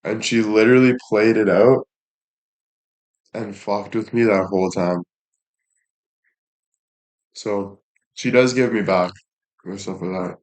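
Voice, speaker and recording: Young man, fairly low voice, casual live-stream chatter, crude teasing jokes, swears a lot. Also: fairly even intonation, takes it slowly, long pauses, darkish tone. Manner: crude joking, swears freely. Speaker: livestreamer.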